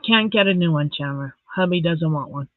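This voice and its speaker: A middle-aged woman hosting a casual live stream, chatting warmly with her viewers and reading out their comments. She sounds soft-hearted and easily moved. The audio is thin and phone-like, and the room is dry and close. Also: low-pitched, fairly quick, no room sound. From Saskatchewan, Canada.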